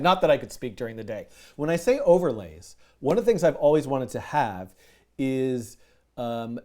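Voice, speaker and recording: A man hosting a live coding stream, chatting casually, animated and self-mocking, laughing often. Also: mid-range voice. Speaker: livestream coding host. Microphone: headset with music in his ear.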